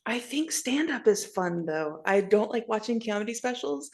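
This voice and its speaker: A woman's voice: fairly high pitch, lively intonation, moderate pace, gravelly. A woman co-hosting a podcast in casual chat, giggly and sleepy, making brief remarks. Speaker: podcast co-host.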